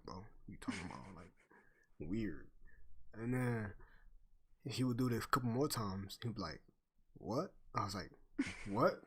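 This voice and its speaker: A man's voice: lowish voice, a bit bright, husky. Slangy young man telling a story. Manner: slangy, swears a lot, laughs often. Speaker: streamer. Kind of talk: casual storytelling chat.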